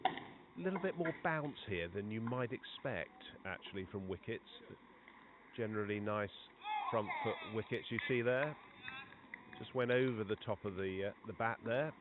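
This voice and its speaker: On a tinny, phone-like line with clear background noise, a man with a lowish voice commentates live on cricket at an outdoor ground. He talks at a normal speed, chatting casually between balls and getting excited on big shots.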